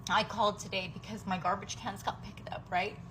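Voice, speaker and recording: A woman's voice: medium pitch, little pitch movement, brisk. Woman, working mother, raw profane rant to camera; emotional, slips into whispers, noisy recording. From United States.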